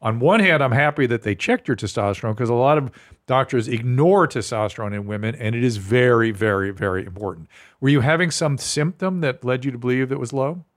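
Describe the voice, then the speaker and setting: A man's voice: mid-range voice, expressive, fairly quick. A man hosting a podcast, a doctor who asks curious questions and explains medical points plainly. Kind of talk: casual interview, medical advice.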